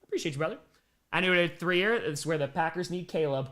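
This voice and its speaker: A streamer with a slightly high voice and quick pace hosts a live play-by-play reaction stream. He's excitable, shifting from tense muttering to outright shouting, and pauses between plays to read and thank viewer donations.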